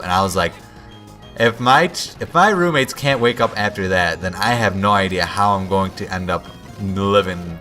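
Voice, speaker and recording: A young man with a lowish, pushed, bright voice narrates a rambling tale as he comments on a game. He frequently cuts himself off to restart and quotes himself.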